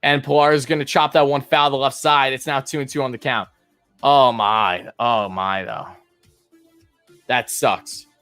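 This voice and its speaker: A man doing live play-by-play fan commentary, chatting with his viewers and swinging between calm pitch calls and loud outbursts. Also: moderate pace, dry recording, faint music behind.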